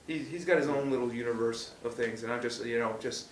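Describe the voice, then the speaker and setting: Man, animated storyteller, restarts a lot, echoey room. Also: medium pitch, brisk. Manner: animated, acts out quotes loudly, many restarts. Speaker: martial arts instructor co-host. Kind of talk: casual storytelling chat. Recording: roomy echo, distant from mic.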